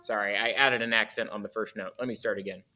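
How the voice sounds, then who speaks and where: A man's voice: lowish voice, fairly even intonation, fast talker, sharp tone. A man teaching a music lesson, explaining in an upbeat, playful way with little asides.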